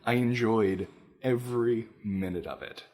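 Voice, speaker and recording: A man co-hosting a casual podcast chat, telling stories with animated laughter. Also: lowish voice, a little slow. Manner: animated storyteller, laughs while telling anecdotes. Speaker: podcast co-host.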